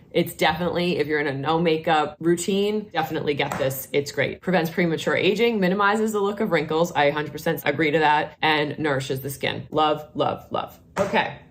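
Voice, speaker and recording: A woman's voice: low voice, a little hiss or hum. A middle-aged woman with a New York accent, chatting enthusiastically through a casual product review vlog. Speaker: vlogger, nurse.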